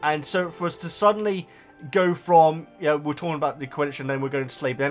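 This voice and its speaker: A man's voice: a little high, fairly even intonation, fast talker, faint music behind. A man hosting his own video, reading out viewer comments in casual chat and often stumbling over his words and restarting.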